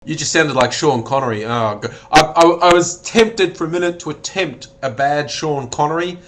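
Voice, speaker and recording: A man's voice: fairly high pitch, moderate pace, fairly bright tone. A young Australian man hosting a casual live stream, joking, swearing freely, laughing often and reading viewer messages aloud. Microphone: computer webcam mic.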